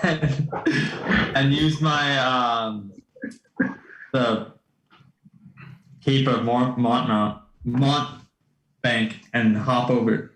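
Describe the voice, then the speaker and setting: A man's voice: mid-range voice, steady tone, drawn-out words, long pauses, fairly bright tone, reverberant, slight background noise, rough recording. A man playing a tabletop game, hesitant and full of ums. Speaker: player. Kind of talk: casual tabletop game play.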